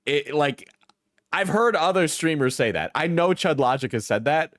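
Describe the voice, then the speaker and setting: A man's voice: on the high side, animated, moderate pace, fairly bright tone, no room sound. Profane, rambling streamer man, dry sound. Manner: rambling, profane, laughs often. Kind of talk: casual live-stream commentary.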